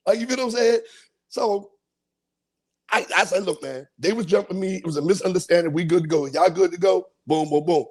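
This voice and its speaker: A man's voice: sits high, fast, husky. A man hosting a podcast, telling a profane comic story and acting out voices and sound effects. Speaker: podcast host.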